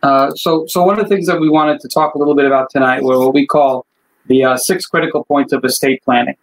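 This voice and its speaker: A man, an attorney, speaking as a guest on a video call in a casual interview, animated when telling a story. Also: mid-range voice, fast, rough recording. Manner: animated storyteller, acts out voices in jokes. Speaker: estate planning attorney, guest. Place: law office.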